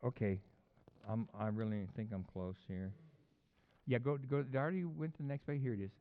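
A man preaching a casual, animated sermon that swings from quiet talk to loud, excited peaks. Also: mid-range voice, brisk. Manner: animated, conversational preaching with sudden loud peaks and acted voices. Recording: dull lo-fi recording.

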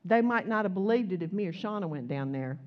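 A woman preaching a sermon in a conversational, animated storytelling way, acting out quotes as she goes. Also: medium pitch, fast, highs cut off.

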